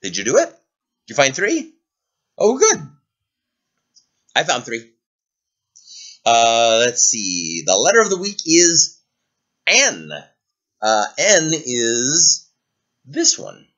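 A man teaching circle time to preschoolers over a computer camera, talking in a gentle, playful way to small children. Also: mid-range voice, wildly swooping pitch, slow, long pauses, dull audio. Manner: gentle, playful, sing-song talk to small kids. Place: indoors, away from the classroom. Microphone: computer webcam.

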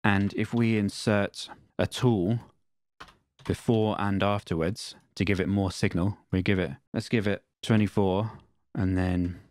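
A man teaching music production in a screen-recorded software tutorial, explaining in a plain, matter-of-fact way. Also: on the low side, fairly even intonation, measured pace.

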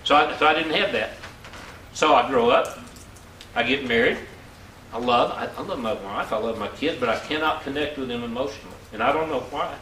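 A man's voice: medium pitch, a little fast, pushed and bright. A man in his sixties giving an earnest motivational business seminar talk, repeating words for emphasis. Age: 60s. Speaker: seminar speaker. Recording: echoey hall, mic far off, faint ambient noise.

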